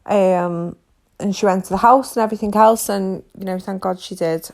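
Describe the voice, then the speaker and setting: A woman hosting a podcast from her couch at home, ranting about true crime in an exasperated, animated way, full of rhetorical questions. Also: medium pitch, normal speed, vocal fry. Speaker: podcast host. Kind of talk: casual true-crime rant.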